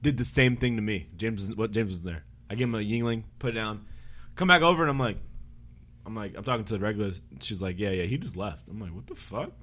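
Low bright-voiced man swapping bar stories. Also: lively intonation, fast. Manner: loose, profane storyteller who quotes people. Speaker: podcast co-host, bartender. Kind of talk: casual storytelling chat.

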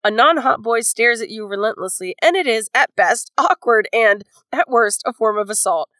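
A woman's voice: a little high, expressive, moderate pace, pushed and bright, no echo. A woman co-hosting a casual book chat, talking in a chatty way full of "like" and "you know". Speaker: podcast co-host.

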